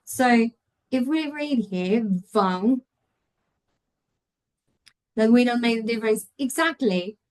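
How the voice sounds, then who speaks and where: A woman runs an online English teaching webinar. Her voice sits slightly high as she explains pronunciation patiently through a computer mic. She often stops to check on her audience. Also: expressive, normal speed, darkish tone, poor audio. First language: Spanish.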